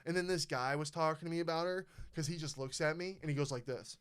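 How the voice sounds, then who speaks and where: A young man hosting a podcast, telling a story in casual chat, animated and profane, acting out the people he quotes. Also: on the high side, quick pace, smooth. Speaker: podcast host.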